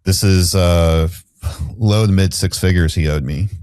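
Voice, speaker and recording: A man's voice: low voice, a little slow, darkish tone, no echo. A middle-aged man, a podcast guest, telling a candid story in a rambling way with restarts and fillers.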